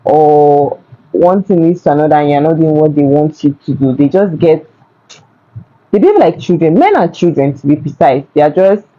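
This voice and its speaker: A young woman with a Nigerian accent telling a casual storytime to camera, chatty and animated. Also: sits low, moderate pace, dull audio. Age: young adult. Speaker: vlogger. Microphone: phone.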